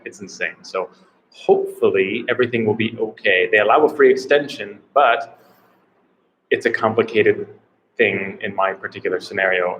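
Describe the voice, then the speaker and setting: A man's voice: fairly low pitch, fairly bright tone, a little hiss or hum, low-quality recording. An American man chatting casually on a live stream from a small room, rambling and unsure, often repeating himself. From United States. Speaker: travel vlogger doing a live Q&A.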